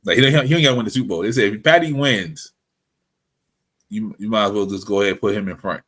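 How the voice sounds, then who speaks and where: With a lowish, husky voice that's a bit bright, the man talks quickly. It's a relaxed podcast conversation recorded somewhere other than the usual studio, where he and his best friend, his co-host, swap jokes and playful banter.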